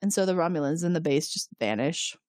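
A woman's voice: deep voice, a little fast, no room sound, studio quality. A woman co-hosting a podcast who recaps a TV episode in a casual way. She laughs a lot and swears freely. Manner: animated, laughs often, profane. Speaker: podcast co-host.

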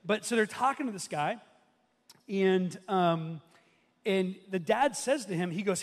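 A man's voice: high voice, moderate pace. A man in his thirties preaching as a pastor from a church stage, telling a story in a loose conversational way full of restarts and fillers. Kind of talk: sermon. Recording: long hall reverb.

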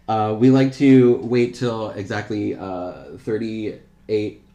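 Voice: medium pitch, slow, warm tone, reverberant, slight background noise. A podcast co-host riffing on jokes and wordplay in improvised comedy banter. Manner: jokey, riffing on wordplay, mock-formal asides.

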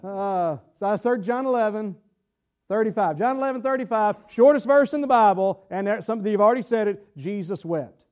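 A man's voice: high voice, expressive, fairly quick, darkish tone. A man preaching a sermon in church, drawling, stretching words, asking the congregation questions. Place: church sanctuary.

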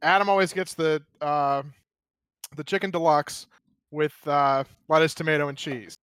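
A man telling a rambling, profane story in casual chat, animated and laughing. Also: fairly high pitch, normal speed, clean tone.

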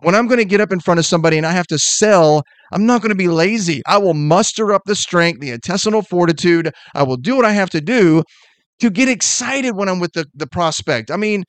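Firing off blunt, emphatic sales advice at a rapid clip, a middle-aged man sounds like a motivational podcast host in full energetic flow. His voice is fairly high for a man, expressive and brisk with a clean tone, and the recording is dry with no room echo.

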